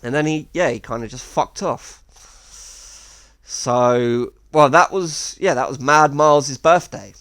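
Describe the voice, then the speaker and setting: A man's voice: mid-range voice, a little slow, fairly bright tone, no echo. A man telling a rambling anecdote with wry asides. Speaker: storyteller. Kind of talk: casual anecdote.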